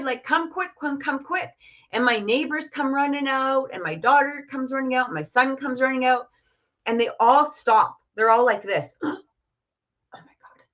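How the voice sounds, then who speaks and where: A middle-aged woman tells a personal story on a live stream, chatty and casual, full of fillers and restarts, and laughing often. Her voice is on the high side and a bit bright, and the stream audio is muffled and lo-fi.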